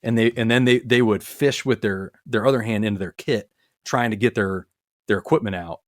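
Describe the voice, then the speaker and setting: A man with a lowish voice talks casually on a podcast. He tells stories in an earnest, rambling way, full of restarts and fillers. The sound is close and dry, with no room around it. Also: normal speed, no echo. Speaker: podcast guest, retired military medic. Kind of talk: casual conversational storytelling.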